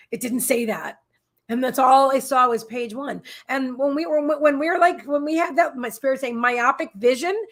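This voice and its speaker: A woman's voice: sits high, fairly bright tone. A woman hosting a psychic livestream from her apartment, talking in a candid, rambling way with many restarts. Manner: candid, heartfelt. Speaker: psychic host. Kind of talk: casual livestream chat.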